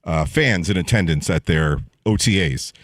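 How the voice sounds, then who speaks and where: A man joins sports radio banter and tells a story in a relaxed, even way. His voice sits fairly low for a man. The sound is dry and close to the microphone. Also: normal speed, dry recording.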